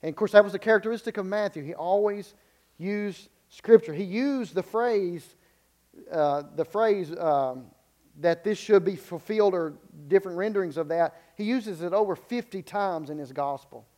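Man, preacher, sermon, high voice, repeats and restarts, emphatic peaks. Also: normal speed, a little mellow.

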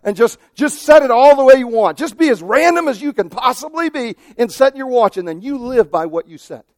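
Pastor guy preaching, high voice that jumps all over, dry close sound. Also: brisk, no echo. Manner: animated preaching, acts out quoted voices, swings from loud to hushed. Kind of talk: sermon.

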